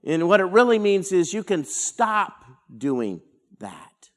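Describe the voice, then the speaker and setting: A man speaking as a pastor, teaching a verse-by-verse Bible study in an unhurried, explanatory way with dramatic pauses. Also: high voice, very animated.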